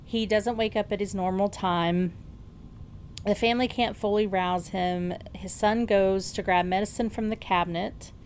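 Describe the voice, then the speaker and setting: Slow, laughing woman telling a story. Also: medium pitch, a little mellow, slight background noise. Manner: amused, laughs often, many fillers. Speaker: podcast co-host. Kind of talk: casual storytelling chat.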